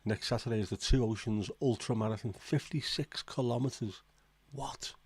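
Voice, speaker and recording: A man's voice: mid-range voice, a little fast, darkish tone, breathy edge, no echo. A man hosting a casual livestream, reading out viewer comments and reacting with blunt, swearing disbelief. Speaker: livestream host.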